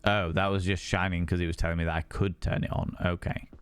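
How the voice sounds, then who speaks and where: A man's voice: sits low, flat delivery, quick pace, clear, resonant tone. A man chatting casually with viewers on a game stream, rambling and repeating himself.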